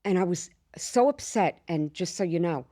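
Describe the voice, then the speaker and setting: A woman, co-hosting a podcast and telling a brash, animated story with a lot of swearing. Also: lowish voice, moderate pace. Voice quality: slight lisp. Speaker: podcast co-host. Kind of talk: casual storytelling chat.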